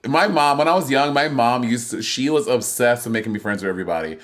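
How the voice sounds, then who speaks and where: A man's voice: mid-range voice, fast, fairly bright tone. A man co-hosting a podcast in casual chat, talking in a sassy, teasing and playful way. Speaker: podcast co-host.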